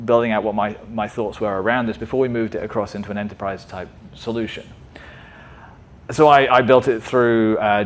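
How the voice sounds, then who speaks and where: A man's voice: fairly low pitch, slight background noise. A man presenting at a tech meetup in a conversational way, often checking in with the audience. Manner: conversational, asks frequent "right?" checks. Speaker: conference speaker.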